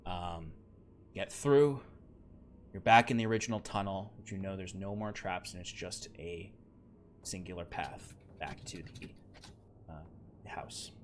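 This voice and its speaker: A man's voice: sits low, measured pace, pauses often, slight background noise. A man narrating as game master of a tabletop game, rambling with many fillers.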